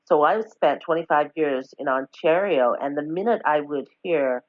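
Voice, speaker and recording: A low-pitched woman, winding through her thoughts and correcting herself as she goes. The audio is dull and lo-fi, with a dry, close sound and no room around the voice. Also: normal speed, no room sound. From Newfoundland, Canada. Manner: rambling, self-correcting, warm storytelling with laughs. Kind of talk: casual conversation.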